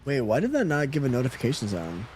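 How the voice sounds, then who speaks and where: A man's voice: medium pitch, huge pitch swings, fast, a little mellow, a little hiss or hum. A man live-streaming a game, chatting casually with his viewers and reading out their messages with a laid-back, chuckling manner. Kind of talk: casual live-stream chat while gaming.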